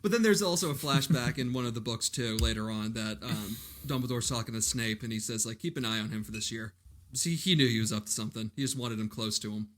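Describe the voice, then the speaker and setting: Bright-voiced man recapping a film plot. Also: mid-range voice, fast talker, few pauses. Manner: recaps plot, laid-back, profane. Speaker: podcast co-host. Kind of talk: casual chat.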